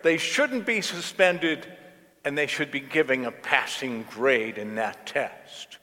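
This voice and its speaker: A man's voice: on the high side, slow pace, pushed and bright. A man voicing an upset, indignant twelve-year-old girl during a sermon story, with her lines raised and accusing. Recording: long reverb of a church hall.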